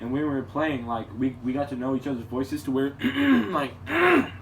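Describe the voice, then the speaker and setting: A man's voice: medium pitch, huge pitch swings, moderate pace, a bit bright. A man telling a casual story in a rambling, crude way, with many restarts. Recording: distant mic with clear background noise.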